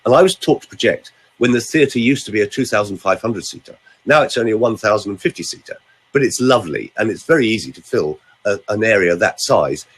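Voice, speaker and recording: Husky animated older man. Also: fairly low pitch, quick pace. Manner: animated, theatrical, teasing. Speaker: vocal coach. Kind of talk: casual podcast chat with voice demonstrations.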